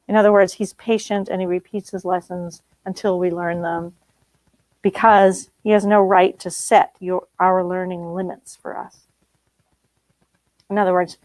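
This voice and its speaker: A woman's voice: lowish voice, level tone, moderate pace, a little mellow, dry recording, poor audio. A middle-aged woman teaching a spiritual group, blunt and emphatic, laughing often.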